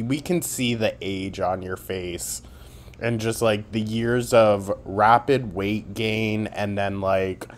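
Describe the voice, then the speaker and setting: A man talking at an unhurried, drawn-out pace with a slightly low voice. He delivers a commentary vlog full of sarcasm and mocking jabs, swearing freely as he picks apart someone's posts. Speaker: commentary YouTuber.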